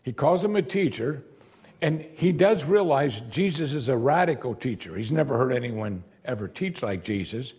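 Animated male preacher, lively delivery. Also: medium pitch, moderate pace. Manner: animated, conversational, playfully acts out quoted lines. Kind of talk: expository sermon.

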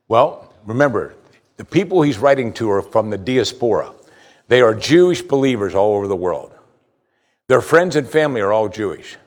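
A man preaching a sermon with emphatic delivery, swinging between loud stress and quiet asides. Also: medium pitch. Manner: emphatic preaching, rising and falling in volume. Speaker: pastor.

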